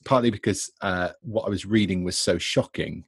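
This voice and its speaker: A man's voice: deep voice, moderate pace, vocal fry, breathy edge, no room sound. A man from Britain hosting a discussion, earnest and rambling with nervous laughs. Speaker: discussion host. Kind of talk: casual discussion.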